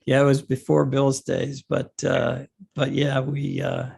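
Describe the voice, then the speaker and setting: An older man tells his old stories at an easy pace, pausing often on "uh" and "you know". His voice is deeply gravelly and husky, with a rough, breathy edge. The pitch sits in a middle range for a man. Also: completely flat delivery, darkish tone. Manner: measured storytelling with many fillers. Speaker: former cycling coach. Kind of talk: reminiscing interview answers.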